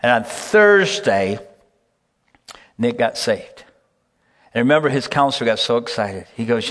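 A man's voice: medium pitch, animated, moderate pace. A middle-aged man, a pastor and camp director, tells stories in a folksy sermon and often checks in with the listeners by asking "okay?". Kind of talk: storytelling sermon. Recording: long hall reverb.

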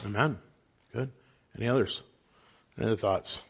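A man's voice: fairly low pitch, normal speed, gravelly, very noisy. A man, father of a young child, teaching a church Bible study class in an earnest manner and posing questions to the group. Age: adult father of a young child.

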